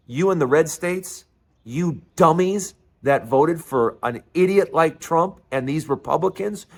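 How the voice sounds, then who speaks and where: Male host, angry and sarcastic rant, lively swooping pitch. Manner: angry, sarcastic, mocking voices. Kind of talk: unscripted political rant.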